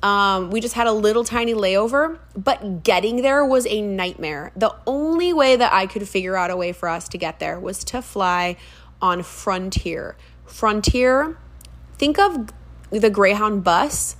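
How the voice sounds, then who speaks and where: A young woman chatting on her own podcast in a loose, animated way. She fills the talk with ums and quick side remarks. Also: medium pitch. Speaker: podcast host. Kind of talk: casual solo podcast chat.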